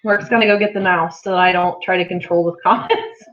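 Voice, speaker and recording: A woman's voice: on the low side, steady tone, fairly quick, fairly bright tone. A woman hosting a casual farm livestream from home, chatty and rambling, laughing often. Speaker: farm channel host. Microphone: laptop mic. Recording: slightly dull lo-fi livestream audio.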